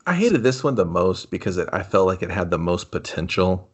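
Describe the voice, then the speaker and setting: A man's voice: low-pitched, sing-song, a little fast, husky. A man co-hosting a casual comedy movie review, sarcastic and profane as he recaps the plot. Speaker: podcast co-host.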